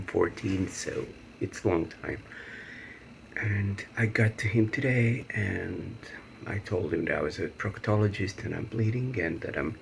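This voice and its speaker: Male vlogger, very deep gravelly voice, rambling and emotional, faint background hiss. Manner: emotional, rambling, laughs nervously. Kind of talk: personal video diary.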